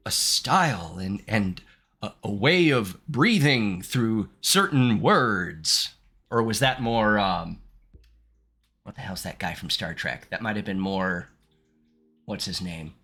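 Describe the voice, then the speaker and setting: A young man from Southern Ohio chats casually on a game stream, mulling things over and reading chat aloud. His voice is bright and forceful, and his pitch sits a little low. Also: husky. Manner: chatty, reflective, reads game text aloud.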